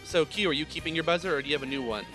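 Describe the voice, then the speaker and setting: A man's voice: fairly high pitch, rapid-fire, music in the background. A man hosting a playful quiz game on a podcast, explaining the rules and laughing often. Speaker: quiz host.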